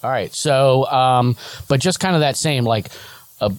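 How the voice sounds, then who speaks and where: A man's voice: medium pitch, unhurried, dry recording. A man co-hosting a podcast, chatting casually with a dry, teasing wit. His voice is recorded very close and dry, with no room sound around it. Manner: wry, teasing banter. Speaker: podcast co-host. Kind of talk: casual chat.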